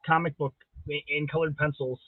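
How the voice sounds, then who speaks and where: A man's voice: a little high, little pitch movement, brisk, no echo. A man hosting a live drawing stream, chatting casually and playfully while he answers viewer comments. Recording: dull, dry lo-fi stream audio.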